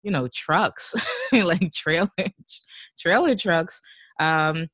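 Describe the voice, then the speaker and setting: A woman's voice: lowish voice, animated, slow pace, fairly bright tone, dry recording. Woman guest, casual podcast chat, filler-heavy, giggly, dry close mic. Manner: chatty, heavy use of "like" and "you know", laughs often. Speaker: podcast guest, driving show host. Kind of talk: casual conversational interview.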